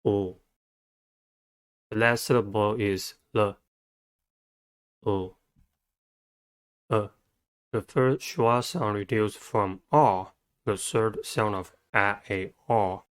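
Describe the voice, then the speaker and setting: A man with a low, smooth, resonant voice gives a scripted vocabulary lesson. He breaks each word into syllables and sounds, spelling them out in a slow, methodical way. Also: steady tone. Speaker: English vocabulary teacher. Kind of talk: scripted instructional narration.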